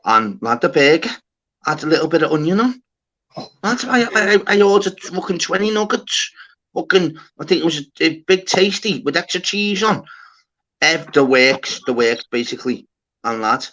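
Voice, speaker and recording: A man hosting a livestream, telling an animated story in casual chat, swearing often and calling people lad and mate. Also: fairly high pitch, moderate pace. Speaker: livestream host. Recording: dull lo-fi sound.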